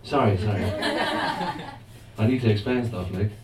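A man's voice: fairly low pitch, normal speed, over a noisy crowd. A man with an Irish accent performing comic spoken word rap at a live open mic, chatty and self-mocking. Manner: chatty, self-mocking, laughs between lines. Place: live performance venue with audience. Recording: echoey, distant, noisy live room.

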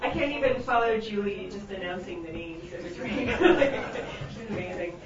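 A woman's voice: medium pitch, animated, moderate pace, crowd noise. A woman hosting a poetry open mic, giggly and hesitant, introducing the readers. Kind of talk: casual event hosting. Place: echoey venue, live event. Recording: echoey room, distant, noisy, dull sound.

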